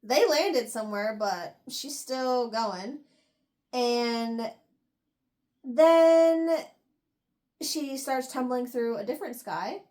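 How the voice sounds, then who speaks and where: A young woman hosting a book review podcast, casually retelling chapters in a rambling, animated way with lots of fillers. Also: fairly high pitch, slow, pauses often.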